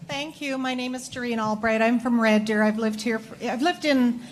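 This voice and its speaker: An older woman from Alberta speaks at a town hall in a firm, matter-of-fact way. Her voice is fairly high. Faint room noise sits behind her. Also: moderate pace. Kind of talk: public comment at a town hall.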